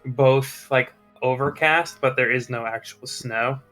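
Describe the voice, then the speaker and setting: A man narrating as game master of a tabletop game, relaxed and joking. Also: medium pitch, unhurried, faint music behind.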